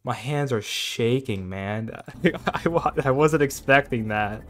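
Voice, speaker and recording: A man giving joking, self-mocking commentary over his own gameplay, quick to get startled. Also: mid-range voice, fairly bright tone. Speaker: gaming video creator.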